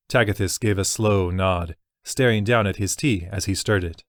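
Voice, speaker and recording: A man reading a fantasy novel as narrator in an even, measured way. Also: low voice, dry recording, studio quality. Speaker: audiobook narrator.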